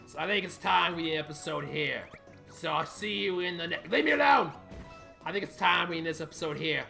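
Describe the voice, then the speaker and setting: A man commentating a game he is playing, with an excitable, animated delivery that jumps into sudden shouts. His voice is on the high side, bright and gravelly. Quiet game music plays behind him. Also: brisk. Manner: excitable, yelling outbursts at the game. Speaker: gaming YouTuber. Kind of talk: let's play commentary.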